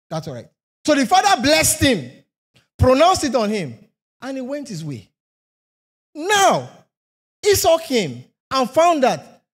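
A man preaching a sermon, emphatic, asking rhetorical questions and repeating phrases for effect. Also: very high-pitched.

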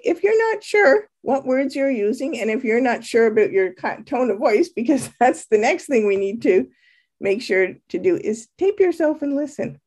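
Female leadership coach, mellow voice, earnest and emphatic, giving a spoken lesson. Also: fairly high pitch. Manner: earnest, emphatic, laughs lightly between points.

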